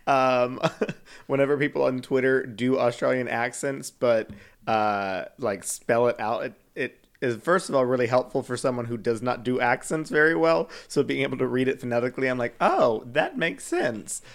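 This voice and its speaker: A man's voice: mid-range voice, expressive, normal speed. A man in his thirties co-hosting a casual podcast, playful and campy, laughing often. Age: 30s. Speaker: podcast co-host. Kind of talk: casual chat.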